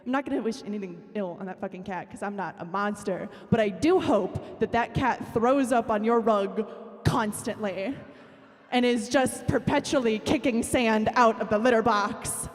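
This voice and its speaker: Woman, spoken-word poet, dry sarcastic delivery, slightly high voice, hall reverb. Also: normal speed.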